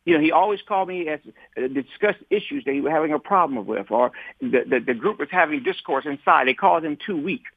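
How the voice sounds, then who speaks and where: A husky, somewhat high-pitched man talking over a tinny, phone-like line with no room echo. He tells his story in a conversational way, stumbling over repeated words and voicing other people's lines as he retells them. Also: lively intonation, fast talker. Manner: repeats words and restarts often, acts out quoted dialogue. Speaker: civil rights activist guest.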